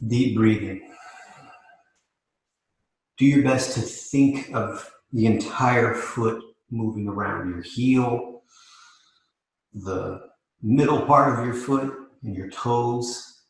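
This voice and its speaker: A man leading a live mobility class as yoga instructor, calmly cueing each step while demonstrating. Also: medium pitch, slow, creaky. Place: yoga studio. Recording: echoey room.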